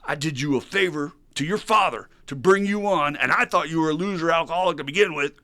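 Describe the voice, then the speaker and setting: A man's voice: a little high, fast, pushed and bright, voice pushed up. A man voicing a contemptuous car dealership boss who berates an employee with profanity. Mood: berating.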